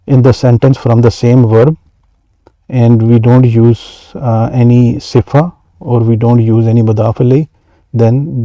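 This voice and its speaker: A male grammar teacher explaining lesson examples, reading lines quickly and then translating them, with many fillers and restarts. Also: medium pitch, mellow, no room sound, muffled recording.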